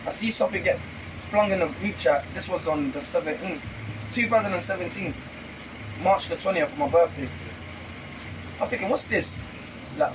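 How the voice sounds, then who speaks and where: A man's voice: on the high side, far from the mic, background noise. A man, guest on a barber shop interview, telling stories animatedly with lots of slang. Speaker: guest rapper. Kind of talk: casual interview chat.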